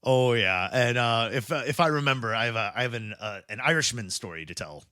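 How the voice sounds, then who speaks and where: A man's voice: mid-range voice, brisk, sharp tone, clean tone, no echo, clean studio sound. A young adult man co-hosting a podcast in casual chat, rambling, laughing often and poking fun at himself. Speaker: podcast co-host.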